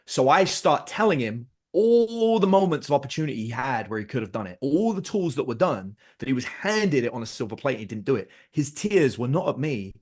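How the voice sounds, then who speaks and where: A middle-aged man speaks as a guest on a podcast, telling a personal story in a loose, animated way. He restarts often and repeats words as he goes, with a voice of ordinary middle pitch. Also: a little fast, hardly any pauses. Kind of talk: casual interview storytelling.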